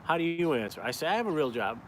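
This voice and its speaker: Fast, very animated and fairly high-pitched, with a fairly bright tone, this upstate New York man draws caricatures and vlogs. He's streaming live from outside in town on a cold day, rambling and swearing casually to viewers as slight background noise carries.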